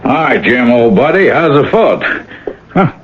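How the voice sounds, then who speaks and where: An actor playing a folksy, joshing hunting buddy in a 1970s radio drama. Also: male voice, mid-range voice, sing-song, measured pace. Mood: breezy. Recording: dull old radio broadcast.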